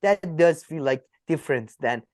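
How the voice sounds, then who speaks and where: A man co-hosting a casual political chat podcast, animated and laughing often as he talks. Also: fairly high pitch, normal speed, no room sound, studio quality. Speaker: podcast co-host.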